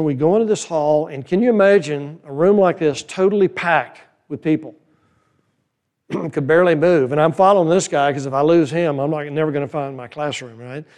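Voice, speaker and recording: An older man preaching a sermon in a folksy, animated way, full of rhetorical questions to the crowd. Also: fairly high pitch. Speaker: conference speaker.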